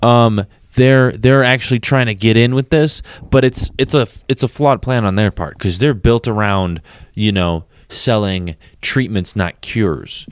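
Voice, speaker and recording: A man co-hosting a comedy podcast, rambling through news with halting restarts in a casual chat. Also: on the low side, clean tone, no echo. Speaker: podcast co-host.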